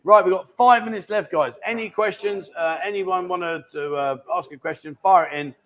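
Chatty male host, slightly high voice. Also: moderate pace, fairly bright tone. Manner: chatty and jokey, reads out viewer questions. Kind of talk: casual live-stream chat. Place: indoor bar.

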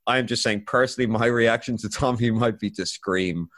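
A man's voice: mid-range voice, normal speed. A man hosting a casual podcast, ranting with swearing and laughter. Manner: swearing, laughing, animated rants. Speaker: podcast host. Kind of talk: casual chat.

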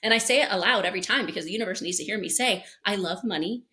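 A middle-aged woman guest on an interview podcast, speaking in an animated, storytelling way and often acting out quotes. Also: mid-range voice, racing.

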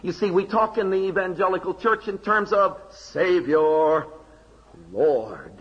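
A man preaching a sermon, emphatic, with rhetorical questions and dramatic pauses. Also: sits high, lively intonation, breathy edge, lo-fi sound. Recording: long hall reverb.

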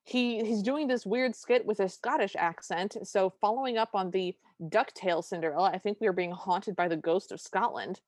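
A woman's voice: medium pitch, moderate pace, few pauses, a little mellow, no echo. A woman co-hosting a podcast, recapping a film in casual chat with wry, exasperated storytelling into a close mic. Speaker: podcast co-host.

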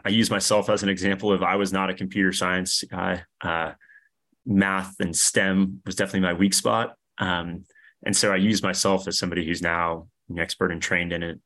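A young man with a New York accent, chatting as a podcast guest with lots of fillers and restarts. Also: a bit bright. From New York, USA. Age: young adult. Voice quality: deep. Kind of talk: casual interview chat.

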